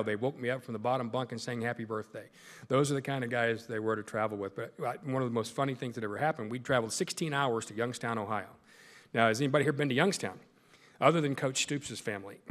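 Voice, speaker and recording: A man's voice: medium pitch, fast talker, fairly bright tone. Man telling funny stories in a hall. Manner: humorous, self-deprecating anecdotes. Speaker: guest speaker. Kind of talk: storytelling speech. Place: large meeting hall.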